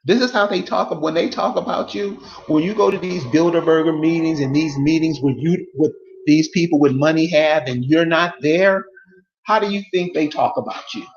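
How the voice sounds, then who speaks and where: A man's voice: fairly high pitch, normal speed, creaky, roomy sound, dull audio, a little hiss or hum. A man delivering a casual, emphatic monologue to his viewers, repeating rhetorical questions over and over. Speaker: online commentator.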